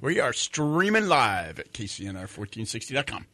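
A male morning radio host speaks in a bright, forward voice, close to a dry studio microphone. He banters casually with his co-hosts. When he reads the news, he pauses often and fills the gaps with "uh.". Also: mid-range voice, very animated, dry recording. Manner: joking, chatty, reads fire reports with fillers.

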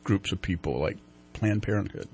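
Halting man hosting a talk show. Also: sits low, a little mellow, a little hiss or hum. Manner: halting, many restarts and fillers, wry asides. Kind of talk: radio talk interview.

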